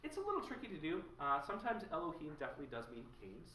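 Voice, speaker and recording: A man giving an informal university lecture in an animated way, often acting out the quotes he talks about. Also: fairly high pitch, racing. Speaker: guest speaker. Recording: echoey room, distant mic, faint hiss.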